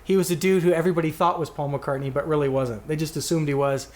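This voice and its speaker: A man's voice: fairly high pitch, steady tone, fast. A man co-hosting a podcast, chatting casually and reading out listener answers, rambling and correcting himself as he goes. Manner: rambling, self-correcting, reads quotes aloud. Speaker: podcast co-host.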